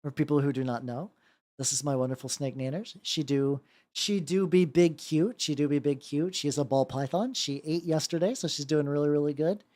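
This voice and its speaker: A woman chatting casually on a live stream while painting miniatures, excitable and swearing freely, often repeating her words. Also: deep voice, a little fast.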